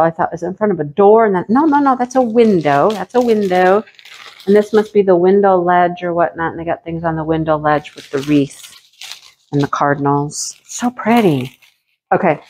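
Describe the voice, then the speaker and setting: A middle-aged woman hosting a casual craft unboxing vlog, chatty and gushing with excitement. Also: mid-range voice, slight background noise. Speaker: craft channel host.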